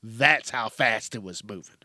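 A man hosting a solo podcast in a casual, profane, animated rant, acting out quotes and jumping between topics. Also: fairly low pitch, unhurried, dry recording, studio quality. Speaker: podcast host.

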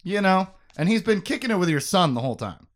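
A man hosting a casual book-discussion podcast, recapping the story with jokes and quick asides. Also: high-pitched. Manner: animated, joking, quick asides. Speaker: podcast host.

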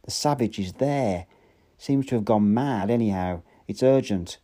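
A man doing a brisk, clipped young man. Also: lowish voice, mellow, close to an everyday voice.

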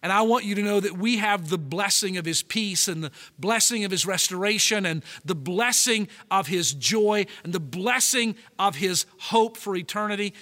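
High bright-voiced man preaching in a hall. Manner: emphatic, slows and stretches key words. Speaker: pastor. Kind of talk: sermon. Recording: long reverb of a large hall.

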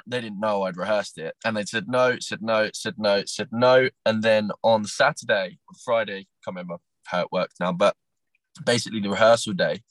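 Young man, low voice, animated storytelling, dry recording. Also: normal speed, no echo, rough recording. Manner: animated storyteller, acts out quotes, frequent restarts. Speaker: podcast guest, former talent show contestant. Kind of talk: casual interview storytelling.

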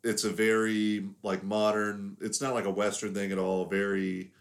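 Low-voiced man chatting about a film. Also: level tone, normal speed, creaky. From American South. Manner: rambling, many fillers and hedges. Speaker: podcast co-host. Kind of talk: casual film review chat.

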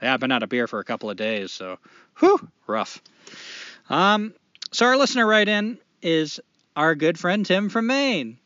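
A man co-hosting a podcast in casual chat, profane and animated, rambling through his points. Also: a little high, normal speed, dry recording. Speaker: podcast co-host. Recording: dull lo-fi podcast audio.

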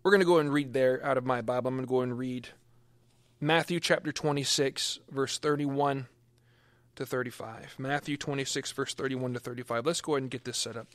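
A man's voice: medium pitch, fairly even intonation, a little fast, a bit bright, no echo, clean studio sound. A man preaching a sermon and reading scripture aloud, earnest, with emphatic swells on key words.

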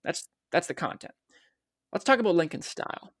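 Man, podcast co-host, casual questioning, raised pitch, gravelly voice, dry sound. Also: sing-song, normal speed, no echo. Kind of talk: conversational podcast talk.

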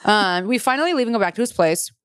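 A woman's voice: mid-range voice, lively intonation, fast talker, smooth, no room sound, studio quality. A woman co-hosting a comedy podcast, reading a story aloud in a casual way, swearing a lot. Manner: swears a lot and laughs often.

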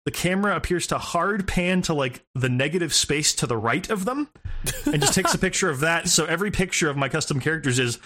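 A man's voice: fairly high pitch, very animated, fairly quick, bright, forceful tone. A man co-hosting a casual gaming podcast, rambling, swearing and laughing as he talks. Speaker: podcast co-host.

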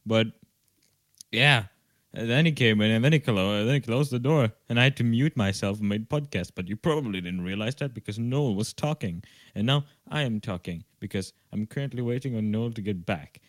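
A young podcast co-host with a fairly low voice talks a little fast, with no room sound, over a video call from his home. His conversation is loose and jokey, wandering along with casual cursing.

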